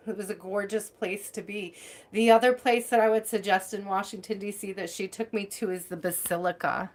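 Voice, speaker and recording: A woman's voice: mid-range voice, steady tone, a little fast. A woman hosting a tarot live stream, chatting casually and effusively, laughing often and using lots of fillers.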